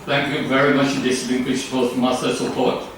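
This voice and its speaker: A man's voice: medium pitch, little pitch movement, moderate pace. A man from Thailand with a Thai accent, giving a rambling club speech full of fillers and restarts. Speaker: club speaker. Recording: very echoey room from far off, faint noise.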